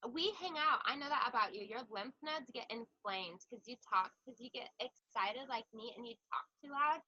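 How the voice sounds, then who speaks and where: High, bright young woman, dull lo-fi sound. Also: moderate pace. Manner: Valley Girl talk, chatty and playful. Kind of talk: comedic casual chat.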